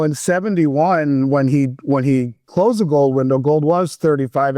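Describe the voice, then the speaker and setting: A male interviewer asks long, rephrased questions in an easy conversational tone. His voice sits slightly high for a man, and the recording is dry and close. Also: a little mellow, no echo. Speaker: interview host.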